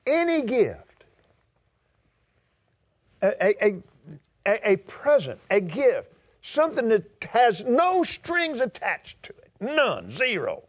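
A Texan man preaching a sermon in an emphatic, drawn-out way, joking and laughing at himself. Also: extremely high pitch, wildly swooping pitch.

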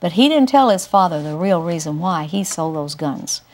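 An older woman giving a Christian teaching through a personal testimony, telling it emphatically with big swings up in pitch. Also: lively intonation, moderate pace, a little mellow. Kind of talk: testimony-style Bible teaching.

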